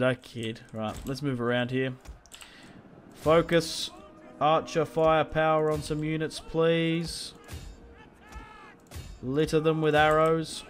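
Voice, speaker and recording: A man's voice: fairly high pitch, steady tone, slow, pauses often. A young man giving casual gameplay commentary, chatting and muttering orders to his troops as he plays. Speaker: gaming video creator.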